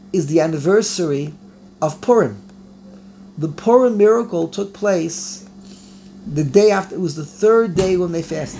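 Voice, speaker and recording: A man giving an animated Torah class, repeating phrases and mixing in Hebrew and Yiddish words. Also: high voice, creaky, a little hiss or hum. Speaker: rabbi teaching. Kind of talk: Torah class on the Passover Haggadah.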